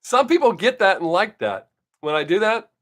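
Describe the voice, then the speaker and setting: A man's voice: sits high, big pitch swings, moderate pace, fairly bright tone. An older man, chatting casually on his live stream from home and telling stories bluntly, with plenty of swearing. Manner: profane, blunt storytelling.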